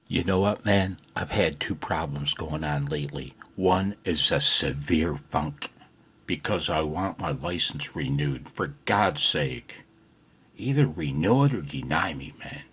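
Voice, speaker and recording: Deep, slow-talking husky man. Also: a bit bright. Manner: laid-back, says "man" often, laughs easily. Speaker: ham radio vlogger. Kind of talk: casual vlog chat. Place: home garage.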